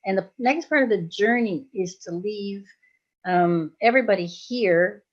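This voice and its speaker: A woman in her sixties from Belgium, a hypnosis trainer chatting casually on a livestream, rambling and often laughing. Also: mid-range voice. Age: 60s. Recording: dull lo-fi livestream audio.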